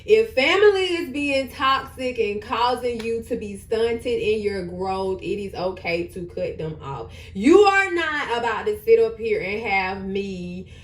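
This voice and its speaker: A woman's voice: medium pitch, expressive, unhurried, hardly any pauses. Woman, 30s, vlogger, emphatic casual advice, repeats for stress, echoey room. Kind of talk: casual advice chat while getting ready.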